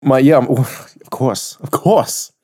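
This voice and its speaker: A man's voice: mid-range voice, takes it slowly, a little mellow. An English man co-hosting a podcast, joking and swearing freely in casual chat. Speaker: podcast co-host.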